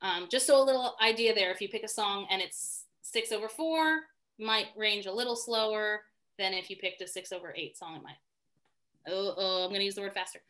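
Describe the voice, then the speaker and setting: A woman's voice: medium pitch, a little fast, fairly bright tone. A woman teaching a live online singing class in a chatty, self-deprecating way, thinking aloud as she explains, heard over a video call. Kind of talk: live online music lesson.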